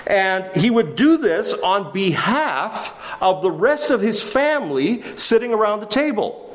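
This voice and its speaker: A male preacher teaches his listeners. His voice sits high and rises and falls a great deal. He keeps asking questions and then answering them himself. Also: sing-song, measured pace. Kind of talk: sermon.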